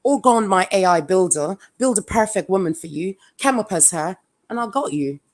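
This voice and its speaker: A woman's voice: medium pitch, animated, fairly quick, darkish tone. A woman, talking frankly and laughing often as a panelist in a casual online chat.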